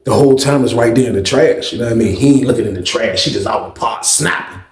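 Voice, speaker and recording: A man telling a profane prison story in a casual, animated way, acting out the other people's voices. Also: medium pitch, fast talker. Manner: animated, acts out others' voices, heavy cursing. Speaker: storyteller vlogger. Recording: echoey room.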